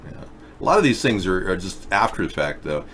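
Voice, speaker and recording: A man's voice: sits low, very animated, fairly quick, fairly bright tone, a little hiss or hum. A man hosting a casual video chat show, rambling through stories and reading viewer comments aloud. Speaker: show host.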